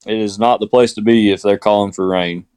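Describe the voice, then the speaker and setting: A man's voice: lowish voice, fairly even intonation, a little fast, a little mellow, smooth, no echo. A man with a Southern US accent, rambling and laid-back as a guest in casual podcast chat.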